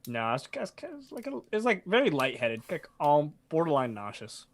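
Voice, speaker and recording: A man co-hosting a podcast, telling an animated story in casual chat and swearing freely. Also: a little high, normal speed. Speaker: podcast co-host.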